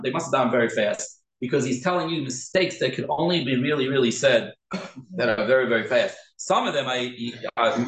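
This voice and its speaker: A man giving an informal class, earnestly repeating words slowly to show the right way to say them. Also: medium pitch, fairly bright tone. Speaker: teacher of prayer pronunciation. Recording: echoey room.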